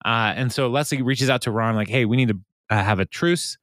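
A man hosting a podcast, recapping an episode in casual chat, laughing often and quoting characters in quick bits. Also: mid-range voice, a bit bright, dry recording, studio quality.

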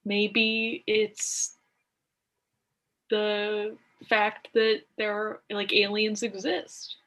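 A woman talks slowly and unhurriedly as she co-hosts a casual podcast. She rambles through her theories about a TV episode, filling her sentences with fillers. Her pitch sits in a middle range. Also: monotone, a bit bright. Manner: rambling, heavy use of filler words. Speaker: podcast co-host. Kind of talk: casual TV recap chat.

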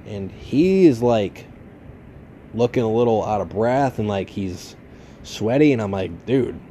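Laid-back low-voiced man rambling. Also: animated, measured pace, dark tone, slight background noise. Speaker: podcast host. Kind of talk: casual storytelling monologue.

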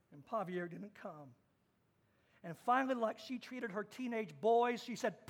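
High-voiced man preaching a sermon. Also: unhurried. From Kansas. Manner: storytelling with acted-out quotes, swings from hushed to loud. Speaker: pastor.

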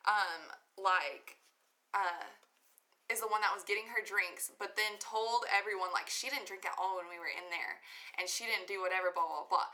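A young woman with a twang tells a story to friends in a loose, casual way. Her voice is bright and forward, and she packs it with fillers. She acts out the quoted bits as she goes. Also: medium pitch, moderate pace. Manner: chatty, filler-heavy, animated retelling. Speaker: storyteller in group chat. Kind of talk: casual chat.

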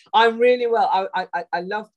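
A woman's voice: mid-range voice, a little mellow. A woman who is a guest on a casual podcast, greeting the hosts with giggles.

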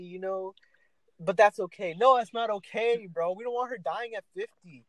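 Animated young man ranting on a podcast. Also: sits high, brisk, no echo, poor audio. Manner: animated, ranting, swings loud and soft. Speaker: podcast co-host. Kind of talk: casual podcast chat.

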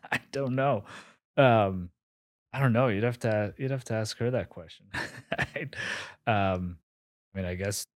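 A man's voice: fairly low pitch, measured pace, long pauses, dry recording. A man in his forties, a podcast guest telling a story in a candid, self-mocking way, swearing casually and restarting his sentences. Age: 40s. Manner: candid, swears freely, laughs at himself, many fillers and restarts. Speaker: interview guest.

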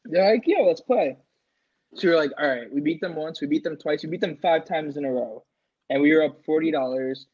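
A man's voice: a little high, steady tone, fairly quick, darkish tone. A young man telling a crude party story on a podcast, acting out his friends' lines in a casual, profane way. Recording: slightly dull lo-fi sound.

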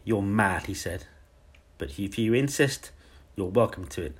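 Grumbly old farmer guy, narrator putting him on, slow blunt talk, lowish voice. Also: lively intonation, slightly rough. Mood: gruff.

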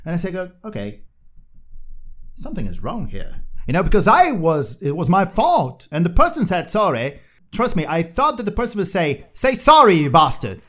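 Man, casual co-host chat, lively swooping pitch, fairly high voice, laughs often. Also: moderate pace. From Brazil. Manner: animated storyteller, laughs often. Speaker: podcast co-host. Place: Brazil.

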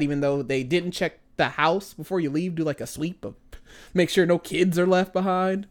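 A man co-hosting a casual movie review chat, rambling and animated, slipping into voices when he quotes characters. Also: fairly high pitch, moderate pace. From American Midwest. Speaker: podcast co-host.

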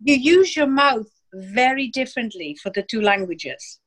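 A woman whose first language is Dutch, a former translator, speaking as a guest in a casual interview in a thoughtful, measured way with small hesitations. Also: fairly high pitch, big pitch swings, fairly bright tone, slightly rough. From Netherlands.

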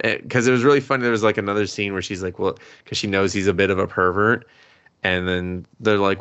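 A man's voice: sits low, fairly even intonation, moderate pace, fairly bright tone, smooth, no room sound, muffled recording. A man co-hosting a podcast, recapping an anime plot in a rambling, laughing, casual way with some swearing. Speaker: podcast co-host. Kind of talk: casual anime review chat.

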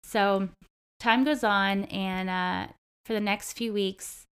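A woman's voice: medium pitch, fairly even intonation, takes it slowly, clear, resonant tone. A young adult woman telling a personal story in a casual talk with a host, chatty and full of "like". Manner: chatty, heavy use of "like". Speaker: interview guest.

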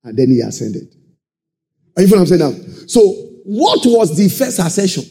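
Male preacher, high lively voice, mellow tone, shouts and sung lines. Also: fairly quick. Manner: animated call-and-response preaching, sudden shouts and sung phrases. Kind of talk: sermon.

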